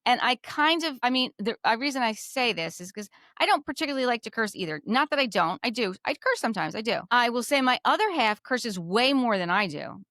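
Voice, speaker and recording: A woman's voice: a little high, lively intonation, brisk, few pauses, bright, forceful tone, dry recording. A talkative woman with a New Jersey accent recaps a reality show in loose, opinionated chat. She circles back over her own words as she works out a point. The recording is close and dry, with no room sound. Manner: chatty, repeats herself, opinionated. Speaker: podcast co-host.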